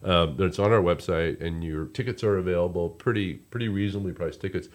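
A man's voice: sits low, fast talker. A man, a resort representative chatting casually in an interview, rambling with many restarts.

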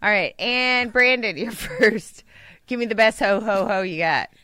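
A woman's voice: a little high, a little slow, pushed and bright, clear, resonant tone, dry recording, studio quality. A woman hosting a radio show, teasing her co-hosts and laughing a lot, with faint music behind. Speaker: radio host. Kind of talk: casual radio banter.

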